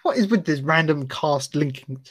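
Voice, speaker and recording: A man's voice: fairly high pitch, expressive, moderate pace, breathy edge. A man co-hosting a podcast, chatting casually in a rambling, enthusiastic, slangy way. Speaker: podcast co-host. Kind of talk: casual chat.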